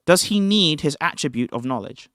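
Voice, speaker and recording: A man hosting a heated live debate, cocky and needling, sometimes slowing his words down to mock the other side. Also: on the high side, expressive, fairly bright tone. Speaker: host debating callers.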